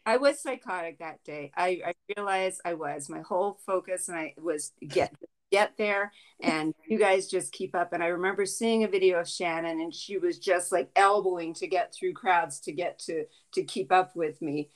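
A mother hosting a casual chat for her viewers, speaking in an earnest, halting way with many restarts. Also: lowish voice, poor audio. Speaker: channel host, mother.

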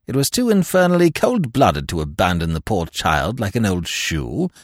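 A man reading a classic novel aloud as the narrator in an expressive storytelling manner. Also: lowish voice, moderate pace, dry recording, clean studio sound. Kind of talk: scripted audiobook narration.

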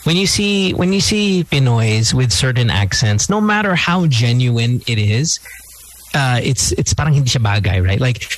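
A man's voice: medium pitch, rough recording. A man with a Filipino accent, hosting a podcast and giving opinions in casual chat. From Philippines. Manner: opinionated, animated, mixes in Filipino words. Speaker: podcast host.

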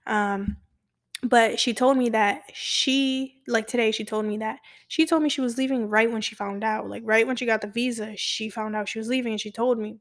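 A young woman hosting a podcast, rambling confessionally through a personal story with many fillers, soft-spoken and slipping into whispers. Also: on the high side, a little fast. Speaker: podcast host.

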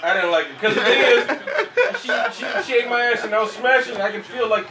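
A man's voice: very high-pitched, brisk. A young man telling crude stories among friends, laughing as he talks. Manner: crude, laughing, animated storytelling. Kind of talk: casual storytelling among friends. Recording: echoey room, mic far off, crowd noise.

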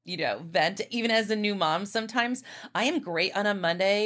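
A woman's voice: mid-range voice, expressive, normal speed, fairly bright tone. A woman guest on a podcast, talking in a chatty, effusive way with lots of fillers. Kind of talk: casual chat.

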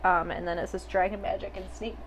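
A woman's voice: fairly low pitch, steady tone, quick pace, a little hiss or hum. A woman hosting a podcast, chatting casually, laughing often and swearing offhandedly. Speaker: podcast host.

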